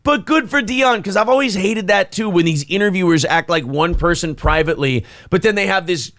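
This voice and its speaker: A man's voice: high-pitched, brisk, a bit bright, dry recording, clean studio sound. A man co-hosting a casual talk show, laughing often and swearing freely as he talks. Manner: laughing, profane banter. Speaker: co-host. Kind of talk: casual chat.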